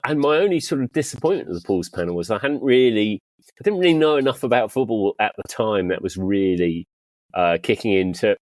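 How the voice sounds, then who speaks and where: Chatty male host, laughs a lot, animated delivery, dry mic. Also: dry recording. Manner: chatty, laughs often, lively rises and drops in pitch. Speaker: podcast host. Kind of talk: casual chat.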